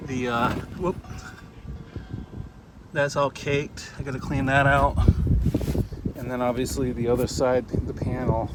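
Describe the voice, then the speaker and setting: A man's voice: medium pitch, heavy background noise. A middle-aged man talking casually to his viewers in a rambling home vlog, filmed with a handheld camera. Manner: chatty, rambling, addresses viewers as "you guys". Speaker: gaming YouTuber. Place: indoors at home, then outdoors in wind. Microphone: handheld camera mic.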